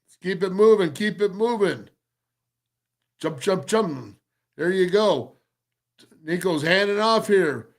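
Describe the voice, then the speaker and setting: High-voiced, animated football film analyst. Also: male voice, slow pace, long pauses. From former offensive lineman. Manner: animated, emphatic, repeats phrases. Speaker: football show host breaking down game film. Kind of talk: excited film-breakdown commentary.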